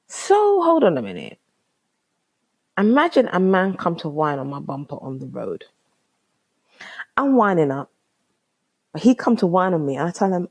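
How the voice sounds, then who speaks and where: A woman's voice: lowish voice, big pitch swings, unhurried, pauses often, darkish tone. A young woman with a London accent hosting her own podcast. She tells a story in casual slang, exclaims often and acts out both sides of a conversation. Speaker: podcast host.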